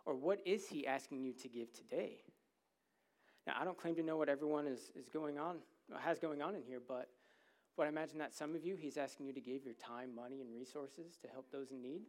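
A man's voice: mid-range voice, a little fast, a little mellow. A man preaching a sermon to a congregation in a church, in a conversational, humorous way, often checking in with "right?".

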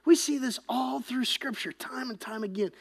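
Gravelly, impassioned pastor preaching. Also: mid-range voice, moderate pace. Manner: impassioned, swings between loud emphasis and hushed whispering. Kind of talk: sermon.

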